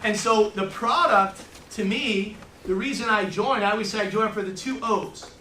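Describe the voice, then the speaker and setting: A man leads a sales training in a meeting room, throwing questions at his audience and telling brash, joking stories. His voice sits high and bright. He is picked up from far off, in a room with plenty of echo. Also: normal speed, a little hiss or hum. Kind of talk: live training talk. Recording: echoey room, mic from far off.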